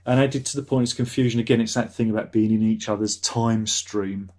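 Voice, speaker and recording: A man's voice: on the low side, steady tone, noisy background. A man hosting a review livestream, chatting casually and reading out viewer comments with a sarcastic, easily angered manner. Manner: ranting, sarcastic, quick to anger.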